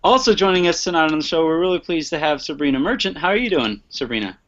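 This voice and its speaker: A man's voice: a little high, lively intonation, quick pace, a bit bright, slight background noise. A man hosting a casual sports podcast, joking and laughing often, stumbling over repeated words. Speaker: podcast host. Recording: muffled lo-fi online stream.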